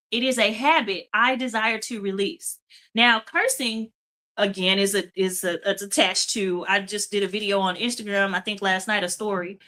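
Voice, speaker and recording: A woman's voice: mid-range voice, bright, forceful tone. A woman hosting a faith-based motivational talk show, speaking emphatically and repeating phrases for emphasis. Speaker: host.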